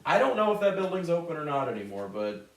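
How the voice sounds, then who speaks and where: A man's voice: on the high side, very animated, quick pace. Profane man bantering in echoey room. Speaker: podcast co-host. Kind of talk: casual chat. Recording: roomy echo, distant mic.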